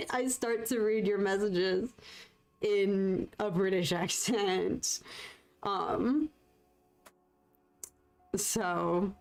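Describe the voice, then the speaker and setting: A woman's voice: mid-range voice, extremely slow, creaky, pauses often, darkish tone, soft background music. A young woman, chatting casually with her viewers as she paints on a livestream, laughing often and thanking people in chat. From United States. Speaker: livestreaming artist.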